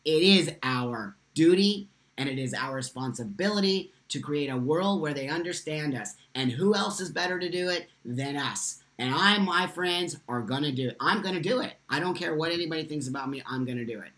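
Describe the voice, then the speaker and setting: A man's voice: fairly high pitch, animated, moderate pace, hardly any pauses, a bit bright. Impassioned man on a live stream. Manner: impassioned, emphatic, repeats phrases for force. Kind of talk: live-stream chat, answering viewer comments. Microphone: phone.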